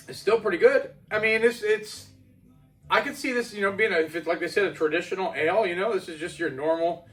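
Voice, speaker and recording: A chatty man casually reviews homebrew beer, rambling and pausing to correct himself mid-thought. His voice sits fairly high for a man, with a fairly bright tone.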